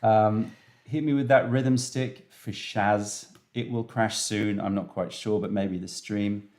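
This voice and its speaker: A man's voice: lowish voice, fairly even intonation, slow pace, darkish tone. A man hosting a casual live stream, reading viewers' messages aloud and joking around between tastings. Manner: playful, reads viewer chat aloud, jumps into jokey voices. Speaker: tea shop live stream host.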